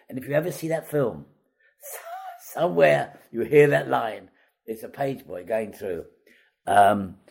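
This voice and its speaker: Older man, husky, lowish voice, self-deprecating, rambling anecdotes. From Wales. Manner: chatty, self-deprecating, lively with hesitations. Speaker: veteran actor guest. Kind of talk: anecdotal storytelling.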